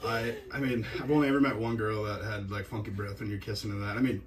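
A man's voice: on the low side, fairly even intonation, fast talker. A man telling rambling, profane stories in a casual podcast chat. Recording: distant mic, faint background noise.

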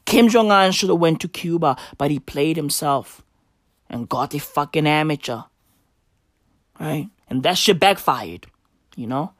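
A man's voice: on the high side, animated, unhurried, fairly bright tone, dry recording, clean studio sound. A man ranting casually to camera, rambling and swearing a lot, constantly asking his listener "right?" and repeating himself. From South Africa. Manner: profane, rambling, keeps asking "right?" and "you know?"; drifting, repetitive, offhand.

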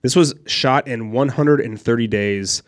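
A man's voice: medium pitch, measured pace. A man co-hosting a casual film podcast, laid-back, swearing freely and laughing often. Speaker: podcast co-host.

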